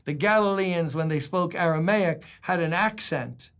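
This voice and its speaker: A man's voice: high-pitched, normal speed, few pauses, a bit bright, clean tone. Older male pastor preaching conversationally. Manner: conversational preaching, dramatic voicing of quotes. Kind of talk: sermon devotional.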